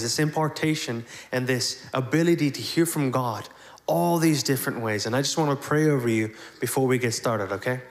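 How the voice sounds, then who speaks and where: Male pastor in an echoey church. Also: medium pitch. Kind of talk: sermon and prayer. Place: church hall.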